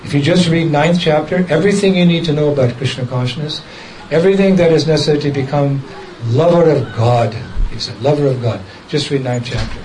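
A man's voice: a little high, fairly quick, hardly any pauses, darkish tone, slight background noise, low-quality recording. A man casually telling a story from his past, often chuckling and quoting the people in it directly. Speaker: devotee recounting a memory.

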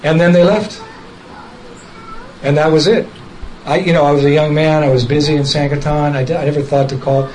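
A man's voice: fairly high pitch, fairly even intonation, brisk, darkish tone, slight background noise, low-quality recording. A man casually telling a story from his past, often chuckling and quoting the people in it directly. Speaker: devotee recounting a memory.

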